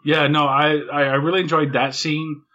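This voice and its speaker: A man with a bright, forceful voice chats about a movie in a relaxed back-and-forth, with a wry, hesitant manner and plenty of ums. His audio sounds dull and lo-fi. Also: on the high side, normal speed. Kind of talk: casual movie chat.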